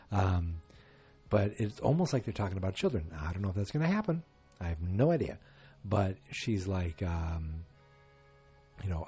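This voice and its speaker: A man's voice: low voice, expressive, normal speed, warm tone, soft background music. A man hosting a casual solo podcast, retelling scenes and acting out the quotes with sarcastic asides. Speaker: podcast host.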